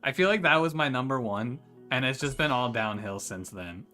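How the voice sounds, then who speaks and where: A man with a bright, forward voice chats loosely with his viewers while he plays, cursing casually and laughing between thoughts. Faint music sits under his talk. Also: mid-range voice, expressive, moderate pace. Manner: chatty, swears freely, laughs while talking to chat. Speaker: game streamer. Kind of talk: casual live-stream chat.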